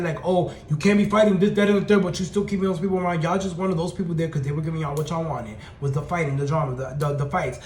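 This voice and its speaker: A young man telling a storytime tale in an animated, profane, slang-heavy and sassy way. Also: high voice, a little hiss or hum. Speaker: storytime vlogger. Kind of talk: casual storytelling rant. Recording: roomy echoey room.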